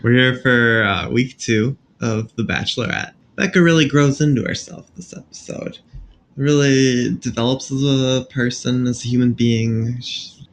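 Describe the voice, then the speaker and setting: A man's voice: mid-range voice, measured pace, a little hiss or hum. A man co-hosting a casual podcast, chatting in a rambling, jokey way full of fillers and restarts. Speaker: podcast co-host.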